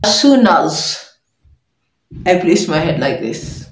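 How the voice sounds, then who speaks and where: A young woman vlogger telling a personal story in an animated way, laughing often as she goes. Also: lowish voice, takes it slowly, far from the mic. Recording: echoey room.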